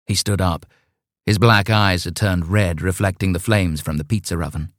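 A man narrating an audiobook in a dry, deadpan comic reading. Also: low-pitched, moderate pace, dry recording. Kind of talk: scripted narration.

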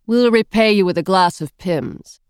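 A woman's voice: medium pitch, moderate pace, smooth, no echo, close to an everyday voice. A woman voicing a dry, amused young American man, lightly and close to the mic.

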